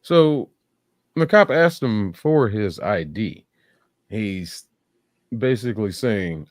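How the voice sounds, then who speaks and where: A man's voice: lowish voice, very animated, takes it slowly, dry recording, clean studio sound. A man giving blunt, sarcastic live reaction commentary, swearing freely. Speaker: streamer reacting to videos.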